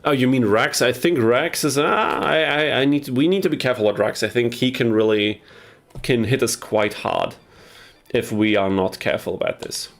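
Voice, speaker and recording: Speaking at normal speed in a creaky, mid-range voice, this young man plays a game live and talks into his headset mic. He's chatty, picking up viewer messages and replying between moves.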